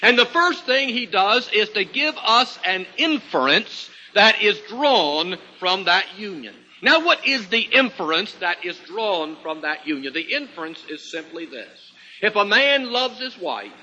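Man, preacher, sermon, high pitch, very bright tone, dull lo-fi recording, long reverb. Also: slight background noise. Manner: emphatic preaching with rising and falling swings.

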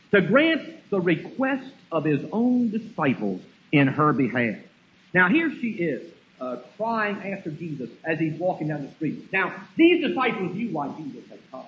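An emphatic male preacher delivers a sermon and keeps putting rhetorical questions to his listeners. His voice sits high and swings all over. The recording sounds dull, with faint noise behind it.

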